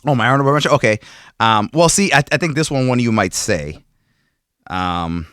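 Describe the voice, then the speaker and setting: A man talking in a relaxed, casual way, walking through film scenes in animated detail. His voice sits in a middle range. It is recorded close and dry, with no room sound. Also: mid-range voice, fairly quick, smooth, no room sound. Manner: animated storyteller, retells movie scenes at length. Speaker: podcast co-host. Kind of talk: casual chat about movies.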